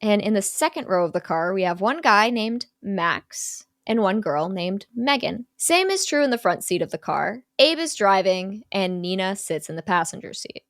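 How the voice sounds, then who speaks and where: A woman's voice: mid-range voice, fairly bright tone, no room sound, studio quality. A young woman casually retelling a movie plot to a co-host, with lots of fillers and light quoting of characters. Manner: chatty, many "like" fillers, quotes characters lightly. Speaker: podcast co-host recapping a film.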